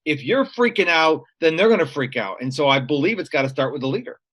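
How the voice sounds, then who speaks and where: Male guest, slightly higher pitch, earnest storyteller, conversational. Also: lively intonation, fast, fairly bright tone. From United States. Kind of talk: conversational interview.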